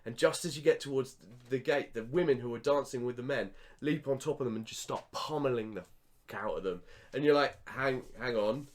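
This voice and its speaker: A man co-hosting a podcast, telling stories with lively acted-out reactions. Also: medium pitch, brisk. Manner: animated storyteller, acts out his reactions. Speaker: podcast co-host. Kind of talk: casual chat.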